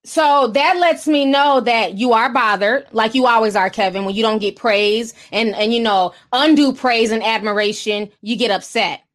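A woman's voice: on the high side, moderate pace, few pauses. A woman giving casual gossip commentary, blunt, sarcastic and profane. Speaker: commentary vlogger.

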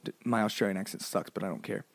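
A man's voice: quick pace, vocal fry, no echo, studio quality. A man hosting a podcast, casually telling a funny childhood story, full of "like" and playful asides. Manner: animated, swings between low mumbles and high exclamations; lots of "like" fillers, playful. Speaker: podcast host.

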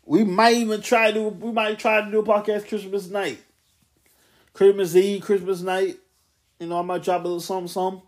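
Young man, late twenties, solo podcast host; loose, rambling delivery, voice sits a bit high. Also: little pitch movement, brisk. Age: 20s. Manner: rambling, loose, self-correcting. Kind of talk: casual solo wrestling podcast.

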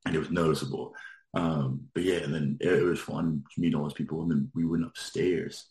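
A man with an extremely low, deep voice, chatting casually and rambling through a story with lots of filler words. He sounds like he's in a roomy, echoey space. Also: fairly even intonation, brisk, a little mellow. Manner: rambling, lots of likes, laughs while telling. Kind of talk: casual chat.

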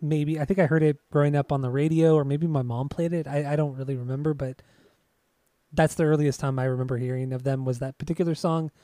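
A young man co-hosting a relaxed conversation, his voice sitting a little higher than most men's. He stumbles over hard names and laughs it off, keeping things easygoing. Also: fast, no echo. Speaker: podcast co-host. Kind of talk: casual chat.

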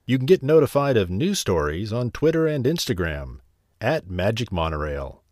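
A man narrating a bedtime story as the host, slow and lively. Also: fairly low pitch, no echo, clean studio sound.

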